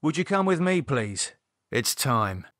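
Here is a blunt, sweary man with a dry wit, talking quickly and sardonically in a storybook horror scene, as a male reader puts him on. His voice sits at an ordinary middle pitch. The recording is close and dry, with no room sound. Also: big pitch swings, fairly bright tone, dry recording. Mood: sardonic. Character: edgy blunt man reviving a vampire.

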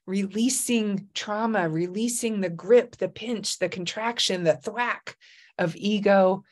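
A woman's voice: medium pitch, slow, darkish tone. A middle-aged woman hosting a casual video-call chat from Hawaii, effusive and emotional, often laughing. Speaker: host. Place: home in Hawaii.

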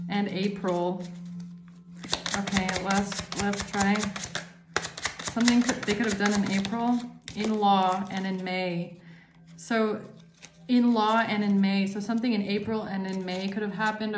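A woman giving a tarot reading to her viewers, excitable and repeating herself, her voice jumping up high when thrilled. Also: measured pace, echoey room, music in the background. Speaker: tarot reader.

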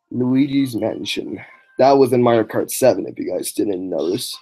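A man's voice: fairly low pitch, big pitch swings, moderate pace, creaky, dark tone, faint music behind. A man giving casual running commentary while playing a racing game on a livestream, reacting with exclamations and short laughs. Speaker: gameplay livestreamer.

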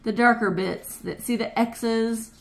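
A woman's voice: on the high side, steady tone, unhurried, creaky. A woman hosting a casual vlog, chatting playfully and musing aloud as she goes. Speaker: vlog host. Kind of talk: casual chat. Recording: echoey room with some background noise.

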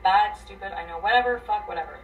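A woman venting a tangled relationship story, profane and rambling, her voice swinging between loud bursts and near mutters. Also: mid-range voice, fast, distant mic, lo-fi sound, slight background noise. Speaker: guest telling her story. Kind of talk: emotional venting.

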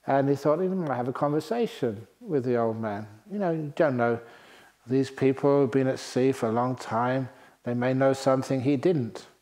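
A man's voice: medium pitch, moderate pace. A man who is a Buddhist monk, telling stories in a dharma talk at a retreat centre, laughing often between lines. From England. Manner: laughing often, lively storytelling with voiced quotes.

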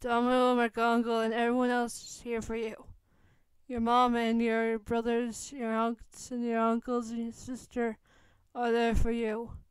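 A woman's voice: a little high, monotone, unhurried, clear, resonant tone, no echo, close to an everyday voice. Woman voicing a reassuring teen wizard boy. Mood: comforting.

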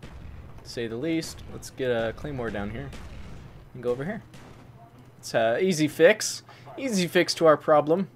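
Excitable man with lively pitch swings. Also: unhurried, pauses often. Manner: excitable, swings into loud high-pitched laughing outbursts; swaps swears for mild words like fudge. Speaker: gaming channel host. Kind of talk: gameplay commentary. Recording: faint game noise behind. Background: gunfire from the game.

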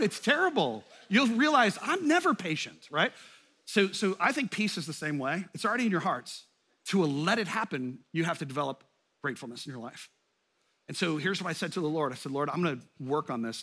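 A middle-aged man preaching a sermon as pastor, animated, rising loud and high to stress his points.

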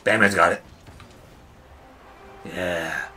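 A man voicing Batman while streaming a game, gruff, boastful and swearing. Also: low voice, steady tone, very slow, bright, forceful tone, soft background music, exaggerated voice. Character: gravelly growling male Batman, brooding and tough. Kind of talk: streaming gameplay in character.

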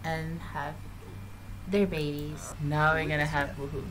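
A woman's voice: deep voice, level tone, unhurried, background noise. A woman giving casual, giggly gameplay commentary as a YouTuber and talking straight to her viewers. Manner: chatty, giggly, addresses viewers directly. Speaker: gaming YouTuber.

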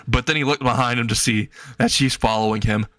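A man's voice: mid-range voice, steady tone, brisk, a bit bright, no room sound. A man casually narrating a fan story, chuckling at his own jokes with loose, rambling phrasing. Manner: casual, laughs at own jokes, repetitive fillers.

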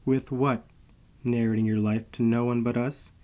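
A man's voice: mid-range voice, little pitch movement, mellow, close to an everyday voice. Man playing a nonchalant smirking vampire man. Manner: nonchalant, unhurried, dry. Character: cool smirking male vampire telepath, tall and pale.

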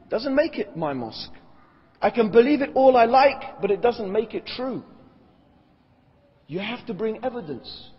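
Speaking in a very high, sing-song voice with a breathy edge, this man delivers a religious lecture at a moderate pace. As an Islamic lecturer, he presses each point emphatically and poses rhetorical questions to his listeners, captured in an echoey hall with muffled lo-fi sound.

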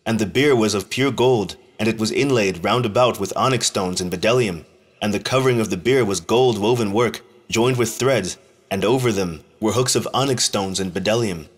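Man reading scripture slowly and solemnly. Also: on the low side. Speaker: scripture reader.

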